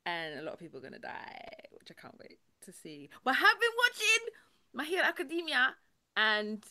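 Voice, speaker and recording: A woman co-hosting a comic and anime podcast, gushing and swinging from murmurs to excited outbursts. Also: high voice, fairly quick. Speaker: podcast co-host. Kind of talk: casual comic book chat.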